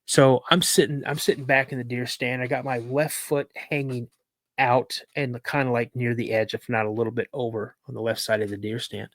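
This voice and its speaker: A man on a podcast as a guest, recounting a personal encounter as a lively storyteller who repeats words for emphasis. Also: medium pitch, normal speed, no room sound, studio quality.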